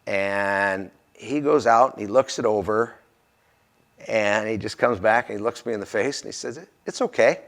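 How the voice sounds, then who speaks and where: A man's voice: fairly low pitch, steady tone, moderate pace, vocal fry, a bit bright. Earnest man telling a story. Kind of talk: personal anecdote.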